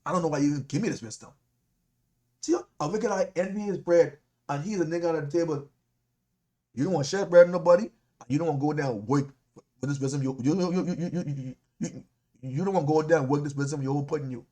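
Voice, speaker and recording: A man with a Caribbean accent, a deacon preaching a sermon in an animated, repetitive way, often laughing as he talks. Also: fairly high pitch, fast talker.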